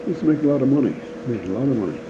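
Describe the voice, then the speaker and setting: Talking very fast in a medium-pitched voice, an older man serves as the interviewee and tells stories. He animatedly acts out other people's voices and laughs often, in a dull lo-fi home recording with faint background noise.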